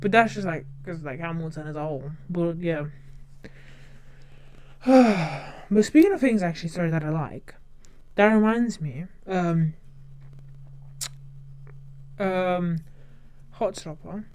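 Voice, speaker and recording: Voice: mid-range voice, expressive, slow pace, long pauses, a little mellow, slight background noise. A streamer chatting casually to viewers, whose first language is not English, rambling and often repeating and restarting phrases. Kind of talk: casual chat.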